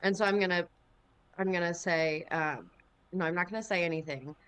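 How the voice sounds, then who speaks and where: A woman's voice: lowish voice, normal speed, a bit bright, smooth, no echo. A woman playing a tabletop game, talking casually and thinking aloud. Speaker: player.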